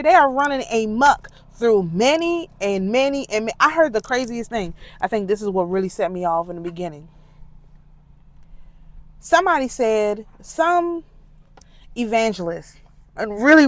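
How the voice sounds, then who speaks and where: A woman in an emphatic, indignant monologue, her congested voice sitting a bit high for a woman. The recording is dry and close, with no room sound. She talks casually and pushes her points hard. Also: no echo. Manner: emphatic, indignant, animated rants. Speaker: spiritual commentator.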